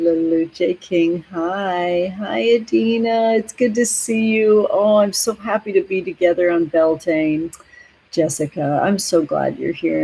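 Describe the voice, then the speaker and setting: A woman hosting a tarot livestream, chatting warmly with viewers from home, gentle and emotional, calling everyone honey and sweetheart. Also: mid-range voice, slightly rough, low-quality recording. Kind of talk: casual livestream chat with viewers. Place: home near the ocean.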